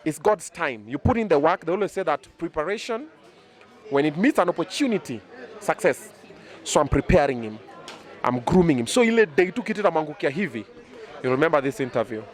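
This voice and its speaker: A Kenyan man, around his thirties, talks through a casual interview with lively, boastful energy. He speaks in quick bursts and drops in Swahili phrases, and he is recorded outdoors in the city. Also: a little high, a faint crowd. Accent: Kenyan English. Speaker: media personality interviewed. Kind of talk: casual interview chat mixing English and Swahili.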